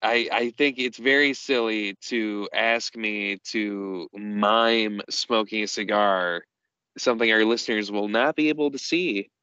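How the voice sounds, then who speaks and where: A man co-hosting a podcast, recapping a show in casual chat with dry, deadpan humor. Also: lowish voice, measured pace, clear, resonant tone, no echo, muffled recording. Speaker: podcast co-host. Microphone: podcast microphone.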